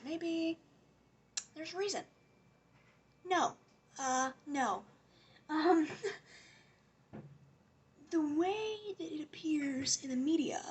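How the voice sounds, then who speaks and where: A woman's voice: high-pitched, a bit bright, slight background noise. A woman giving a casual, rambling rant as a commentary vlogger, sarcastic and often dropping to a whisper.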